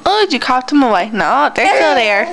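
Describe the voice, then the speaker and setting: A woman talks to her baby in a high, lilting voice, coaxing and playful. She draws every word out very slowly, like home-video baby talk. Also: vocal fry, noisy background. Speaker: mother talking to her baby.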